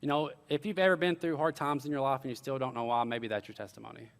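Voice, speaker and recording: A man's voice: mid-range voice, steady tone, fast talker, vocal fry, smooth, in a large hall. A young man preaching a sermon, telling stories with earnest, casual asides. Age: young adult. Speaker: pastor.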